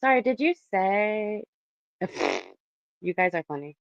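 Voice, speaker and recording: A woman's voice: mid-range voice, expressive, slow, no echo, dull audio. A young woman from Canada chatting casually and animatedly with her livestream viewers from her bedroom, laughing often. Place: home bedroom.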